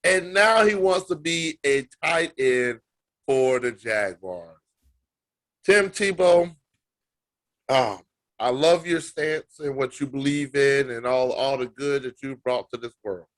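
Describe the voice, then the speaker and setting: A man's voice: mid-range voice, lively intonation, slow pace, a bit bright. A man co-hosting a sports podcast, ranting emphatically and with disbelief. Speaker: podcast co-host. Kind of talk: casual sports banter.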